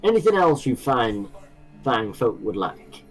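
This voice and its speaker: A man's voice: mid-range voice, sing-song, measured pace, soft background music, rough recording. A man voicing a shady male trader who sells found goods in folksy dialect and haggles hard. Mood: wary.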